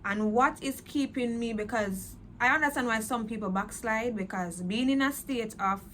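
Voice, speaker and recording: A woman giving a personal faith testimony in a slow, reflective, earnest way, pausing often with fillers and speaking openly about her feelings. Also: on the high side, fairly bright tone, slight background noise. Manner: earnest, emotionally open.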